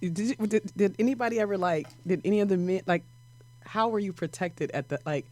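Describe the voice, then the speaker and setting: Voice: medium pitch, brisk, a little mellow. A podcast host asking questions in a casual interview, often answering with short backchannels and laughter.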